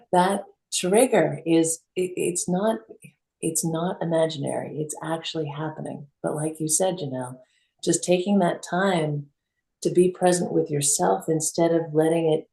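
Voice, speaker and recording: Female co-host, low gravelly voice, mellow tone, roomy sound, lively storyteller. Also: measured pace. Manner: animated storytelling, acts out quotes. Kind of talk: reflective conversational talk. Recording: roomy echo.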